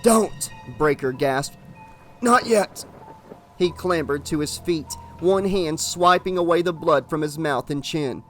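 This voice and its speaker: A man's voice: on the high side, moderate pace, few pauses, faint music behind. Man narrating a horror audiobook.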